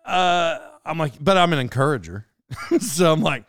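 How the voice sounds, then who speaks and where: A young man telling a casual story, talking fast and animatedly, cutting himself off and drifting into side notes. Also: on the high side, no echo, clean studio sound. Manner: animated, self-interrupting. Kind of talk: casual anecdote monologue.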